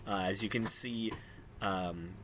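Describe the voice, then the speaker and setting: A man's voice: on the low side, steady tone, slow, fairly bright tone, slight background noise. A man narrating as game master in a casual, hesitant way with many ums.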